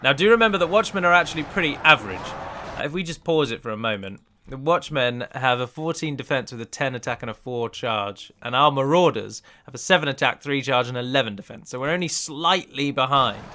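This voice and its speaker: Bright-voiced man giving gameplay commentary. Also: mid-range voice, lively intonation, a little fast, few pauses. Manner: chatty and analytical, breaks down unit stats. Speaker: mod developer hosting a let's play.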